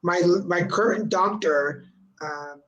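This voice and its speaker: A man's voice: high voice, slow pace, pushed and bright, highs cut off. A man hosting a live video chat, telling a funny story in a sarcastic, joking way and dropping in Spanish words. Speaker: host. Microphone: video call.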